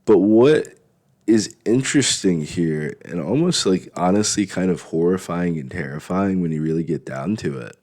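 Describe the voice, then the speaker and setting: A man's voice: low voice, lively intonation, moderate pace, darkish tone. A man in a blunt, rambling, profane casual monologue for his vlog. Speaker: vlogger.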